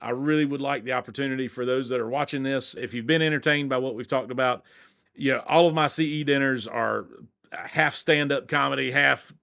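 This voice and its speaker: A middle-aged man, talking as a podcast guest in an animated, blunt, joking way with some cursing. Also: medium pitch, a little fast, creaky. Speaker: dog training company owner, guest. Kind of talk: energetic podcast interview.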